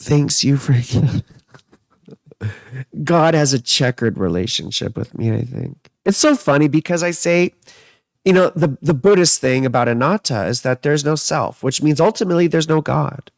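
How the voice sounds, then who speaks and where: A man with a fairly high voice talks loosely and playfully as an astrologer answering viewers. He drifts between jokes and musing, close and dry on the mic. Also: expressive, moderate pace, creaky, no echo. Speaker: astrologer and tarot reader. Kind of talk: casual livestream chat answering viewer comments.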